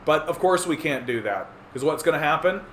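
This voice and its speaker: Ranting livestream host, man, a bit high-pitched, sarcastic, swearing, roomy echo and faint hiss. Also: lively intonation, fairly quick, fairly bright tone. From Canada. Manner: profane, sarcastic, mocks opponents in squeaky voices. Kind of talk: ranting monologue. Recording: echoey room with faint ambient noise.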